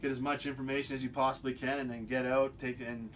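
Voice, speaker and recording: A man's voice: medium pitch, level tone, fast talker, a little hiss or hum. A man talking in a rambling, unscripted monologue to camera, often restarting and repeating words. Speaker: video host. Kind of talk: casual monologue.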